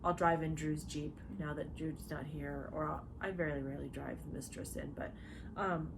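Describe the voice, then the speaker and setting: A woman's voice: low voice, normal speed, gravelly. Chatty woman in a noisy hotel room. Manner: animated storyteller, quoting others with laughs. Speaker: podcast host. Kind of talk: casual chat among friends.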